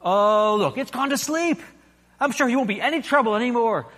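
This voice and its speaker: A man's voice: extremely high pitch, fairly quick, fairly bright tone, voice pushed up. A preacher voicing a timid, wavering male ghost who stammers and pleads in a raised voice. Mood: wheedling. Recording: echoey hall.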